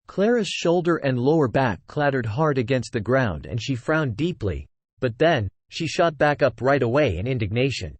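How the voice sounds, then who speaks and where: A man narrating a fantasy novel as an audiobook, in a steady storytelling manner. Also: medium pitch, moderate pace, husky, no echo.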